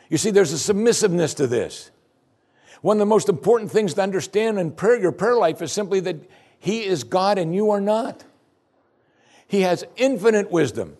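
A man preaching a sermon, asking the listeners one question after another and dropping his voice low and soft at key points. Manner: emphatic preaching with rhetorical questions and sudden drops to quiet. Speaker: pastor.

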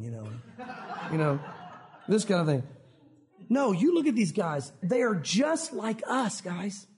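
A man pastor preaching an animated sermon in a church, acting out quotes from scripture. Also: high voice.

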